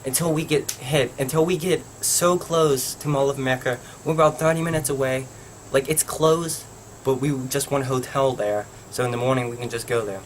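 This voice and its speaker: A man's voice: medium pitch, fairly even intonation, brisk, a little hiss or hum. A young man from Pennsylvania telling a rambling story for his vlog, filling it with "like". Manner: rambling, heavy use of "like". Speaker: vlogger.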